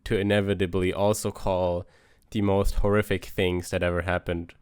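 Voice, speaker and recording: A man co-hosting a podcast, asking measured questions about a philosophy book with pauses. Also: low voice, little pitch movement, darkish tone, clear, resonant tone, dry recording, clean studio sound. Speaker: podcast co-host. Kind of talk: casual book discussion.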